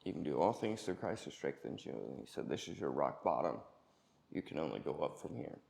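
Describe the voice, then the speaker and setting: A man telling a personal testimony in a plain, halting way, with many fillers. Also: a bass voice, sing-song, vocal fry, darkish tone. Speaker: employee sharing personal story.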